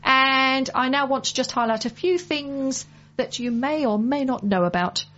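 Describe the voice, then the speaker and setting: A woman's voice: high-pitched, moderate pace, a bit bright, faint music behind. A woman from the UK hosting a casual radio show, chatting and reminding listeners about charity events. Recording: muffled lo-fi broadcast audio.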